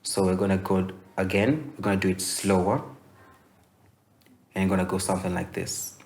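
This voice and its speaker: A young man from Kenya teaching voice-over in a relaxed, explanatory way, with many fillers and restarts. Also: sits low, normal speed. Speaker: voice-over coach. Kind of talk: instructional masterclass.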